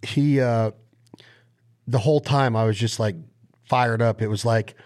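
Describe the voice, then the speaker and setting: Excitable storytelling man. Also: medium pitch, measured pace. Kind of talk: casual chat.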